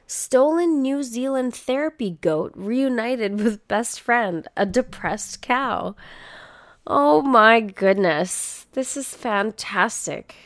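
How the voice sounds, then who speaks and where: Slow-talking woman reading headlines. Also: on the high side, expressive, no echo, clean studio sound. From Canada. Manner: casual and profane, reads headlines aloud then riffs with blunt commentary. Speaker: podcast host. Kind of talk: casual chat reading news headlines.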